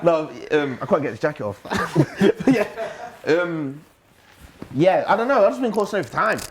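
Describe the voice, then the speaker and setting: A man's voice: fairly high pitch, expressive, moderate pace, over a noisy crowd. A young man from Nottingham with a Nottingham accent, chatting in an interview in a slangy, laid-back way. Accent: Nottingham English. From Nottingham, England. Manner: slangy, laid-back, loose storytelling with laughs. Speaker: rapper, interview guest. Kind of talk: casual interview chat.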